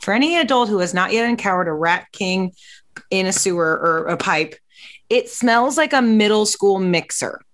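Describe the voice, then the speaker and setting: A woman hosting a casual comedic talk show, animated and quick, often laughing through her asides. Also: medium pitch. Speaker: show host.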